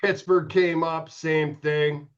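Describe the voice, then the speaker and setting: A man's voice: on the high side, level tone, takes it slowly, clean tone, highs cut off. Swearing middle-aged man telling stories. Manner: profane, candid, self-mocking. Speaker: podcast guest, former pro hockey goalie. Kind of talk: casual storytelling.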